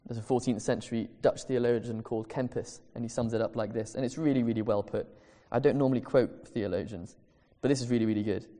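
A man preaching in an earnest, emphatic way, drawing out the phrases he wants to land. His voice is dark and mellow, and long reverb from a large church hall rings behind every line. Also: medium pitch, steady tone, fast, few pauses. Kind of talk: sermon.

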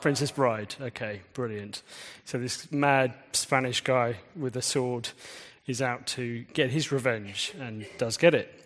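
Speaking a little slowly yet with hardly any pauses, a man with a somewhat bright, mid-range voice preaches in a church. His style is conversational, and he engages listeners by quizzing them, all in a reverberant hall.

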